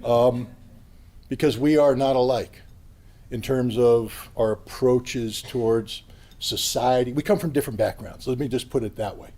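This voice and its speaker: A man giving an impassioned, blunt political speech at a convention, sometimes rising to a yell. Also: mid-range voice, unhurried. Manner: blunt, combative, rising to yelling. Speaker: convention speaker. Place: convention hall.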